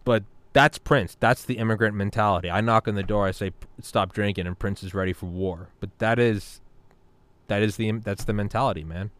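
A man in his thirties hosting a podcast, telling stories in an animated, casual way, swearing freely and repeating words. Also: lowish voice, brisk. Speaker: podcast host. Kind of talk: casual storytelling chat.

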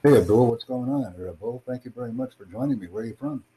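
Here his pitch is medium and his tone warm, moving at a quick pace on a low-quality recording with slight hiss or hum. The man, based in the United States, runs his own livestream podcast and talks with callers in a rambling, repetitive, self-promoting manner.

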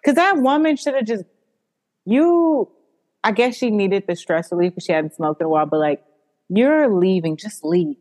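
A woman hosting a podcast, talking in an animated, emphatic casual chat and swearing freely. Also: mid-range voice, moderate pace. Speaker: podcast host. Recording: long hall reverb.

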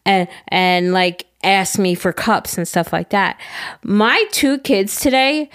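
A woman's voice: medium pitch, animated, slow, a bit bright. A young woman co-hosting a podcast, chatting casually and getting emotional as she tells a story. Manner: emotional, storytelling, gushing about her students. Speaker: podcast co-host. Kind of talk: casual chat.

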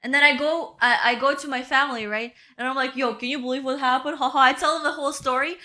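A young woman with a high, bright voice tells a story on a casual podcast. She talks loosely, swears freely and keeps checking in with "right?" and "bro". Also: steady tone, fast talker. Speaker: podcast co-host. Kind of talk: casual chat.

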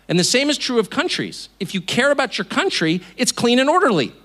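Animated, bright-voiced man giving a speech. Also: very high-pitched, a little fast, few pauses. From California. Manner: indignant, mocking, acts out quoted voices. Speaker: speaker. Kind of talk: speech to a live audience. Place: auditorium.

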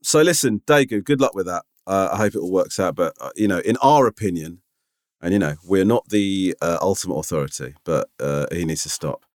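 A man's voice: low voice, lively intonation, fairly quick, no echo. A man co-hosting a podcast in casual chat, emphatic and exasperated, swearing freely. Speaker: podcast co-host.

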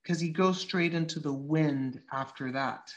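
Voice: medium pitch, unhurried. A podcast host in casual political talk, blunt and swearing freely, working through a speech line by line.

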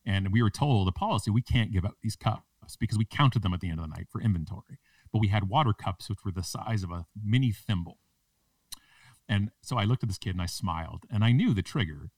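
A man with a fairly low voice tells a story on a podcast, landing his self-mocking jokes with punchy timing. He sounds a little distant from the microphone. The recording is dry, with no room echo. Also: animated, a little fast, darkish tone. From Canada. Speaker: podcast guest, public speaker. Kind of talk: animated storytelling in a podcast interview.

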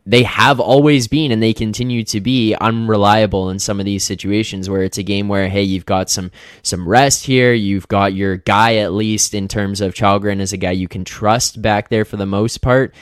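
A fairly low-voiced man co-hosts a sports betting show in relaxed chat. He talks conversationally and keeps passing questions to his co-hosts. The sound is dry and close, with no room around it. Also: normal speed, clean tone, dry recording.

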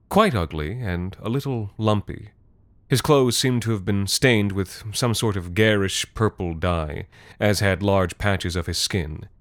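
Casting: male storyteller, very low voice, dry close sound, deadpan narration. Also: no room sound. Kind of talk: scripted narration.

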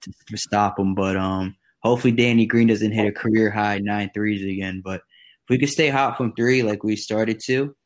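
A man with a lowish voice chats about basketball in a relaxed, conversational way. He sounds easygoing as he talks through his expectations. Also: normal speed. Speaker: podcast guest. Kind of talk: casual sports chat.

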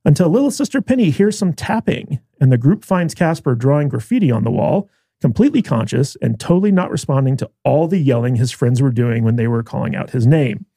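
A man's voice: mid-range voice, lively intonation, a little fast, creaky, warm tone, slightly rough. A man hosting a podcast, reading a sarcastic episode recap in a dry manner. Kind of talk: scripted recap with sarcastic asides.

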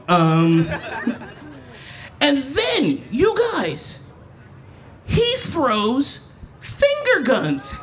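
A woman doing a profane, animated stand-up set on a live stage, breaking into mimicked voices as she tells stories. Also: medium pitch, extremely slow, pauses often, some chatter behind. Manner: animated, profane, mimics others mid-story. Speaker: stand-up comedian. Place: stage at a live festival event.

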